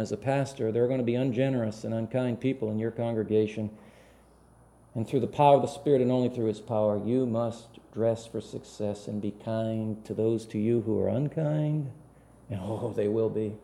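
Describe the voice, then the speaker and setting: An older man preaches a chapel sermon to students training as pastors. His voice is gravelly and mid-pitched, and he swings between loud, emphatic bursts and quiet, hushed asides.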